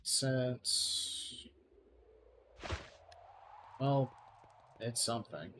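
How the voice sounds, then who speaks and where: A man's voice: mid-range voice, lively intonation, drawn-out words, fairly bright tone, a little hiss or hum. A man hosting a let's play, reading game text aloud and adding wry, dry joking asides.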